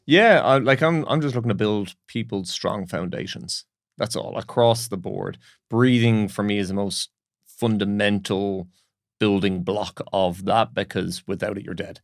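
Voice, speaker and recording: A man's voice: lowish voice, unhurried, dry recording, studio quality. A man, a breathing coach, telling stories animatedly as a podcast guest. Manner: animated, uses fillers and restarts. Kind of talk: casual interview storytelling.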